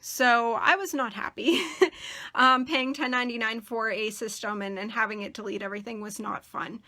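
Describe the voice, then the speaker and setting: A young woman hosting a casual crafting tutorial, chatty and rambling with many fillers, and a bit hoarse as she is losing her voice. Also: on the high side, steady tone, normal speed, sharp tone. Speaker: crafting channel host.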